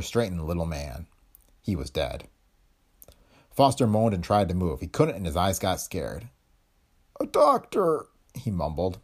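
Low husky male pulp-story narrator. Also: dark tone. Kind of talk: pulp detective audiobook narration.

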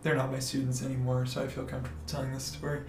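A man who teaches violin, telling a story as a podcast guest in a lively, laughing way. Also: medium pitch, rapid-fire, vocal fry, reverberant, loud music behind the voice. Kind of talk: casual storytelling in a podcast interview.

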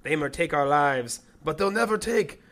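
A man voicing a rousing male warrior chief, booming and drawn out, his pitch leaping high. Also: animated, moderate pace, background noise.

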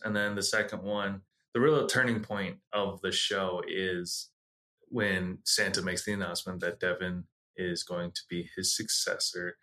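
A man's voice: fairly low pitch, pushed and bright. A man co-hosting a casual podcast chat, easygoing and laid-back as he talks about a show. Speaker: podcast co-host.

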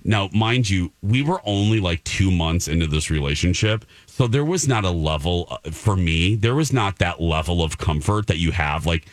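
Lively low-voiced guy telling a dramatic story, dry close sound. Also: normal speed, few pauses, dry recording. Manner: animated, dramatic, acts out quotes. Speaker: podcast host. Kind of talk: casual storytelling chat.

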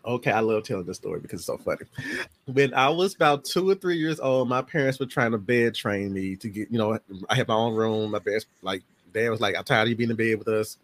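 Lively storytelling man on a podcast. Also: lowish voice, a little fast. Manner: lively storyteller who acts out family members' voices. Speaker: podcast guest. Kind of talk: casual chat.

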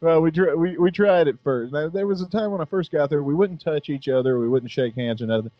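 A man's voice: a little high, brisk, dry recording. Laid-back middle-aged man, dull dry sound. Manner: laid-back, profane, laughs often. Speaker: podcast host. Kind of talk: casual podcast chat.

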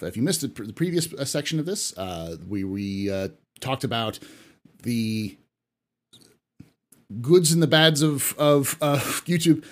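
A man's voice: medium pitch, animated, unhurried. A man hosting a casual panel talk show, reading viewer questions aloud in an upbeat way. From United States. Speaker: podcast host.

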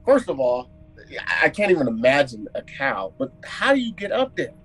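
A man's voice: on the high side, sing-song, normal speed, soft background music, poor audio. A man co-hosting a podcast in casual chat, making wisecracks. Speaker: co-host.

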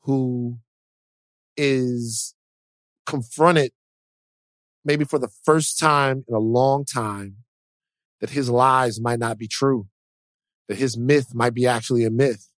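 Man, podcast co-host, middle-pitched voice, dry sound, emphatic drawn-out delivery. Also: fairly even intonation, no room sound. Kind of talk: casual political chat.

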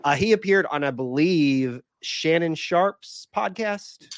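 A man, hoarse from a cold, hosting a casual sports podcast in a chatty, rambling way. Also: a little high, animated, takes it slowly. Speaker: podcast host.

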